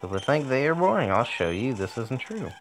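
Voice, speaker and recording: A man's voice: medium pitch, sing-song, fairly quick, a little hiss or hum, voice pushed up, rough recording. A man reading aloud a video game gym leader's dialogue, a little raised above his usual voice. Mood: upbeat.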